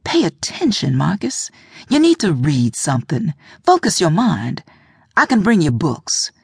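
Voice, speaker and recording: A woman's voice: deep voice, wildly swooping pitch, measured pace, vocal fry, a little mellow, husky, no room sound, studio quality, full character voice. A woman voicing a middle-aged mother who urges and coaxes in a firm, insistent way. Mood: urging.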